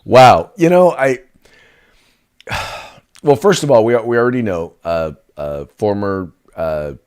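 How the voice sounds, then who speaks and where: A man co-hosting a political talk show, halting and searching for words. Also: lowish voice, lively intonation, darkish tone, clean tone. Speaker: co-host.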